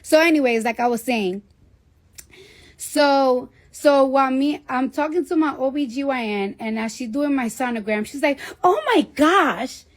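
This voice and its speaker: A woman tells a personal story in loose, unfiltered talk. Her voice sits slightly high, and she swears freely. She slips into the voices of the people she quotes. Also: normal speed. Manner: profane, animated, acts out quoted voices. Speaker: rapper telling a story to listeners. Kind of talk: casual storytelling, livestream-like.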